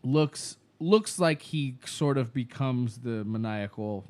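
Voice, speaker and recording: A man's voice: mid-range voice, takes it slowly, a little mellow. A man co-hosting a podcast in casual chat, retelling a show scene in a rambling way with lots of fillers and laughs. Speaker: podcast co-host.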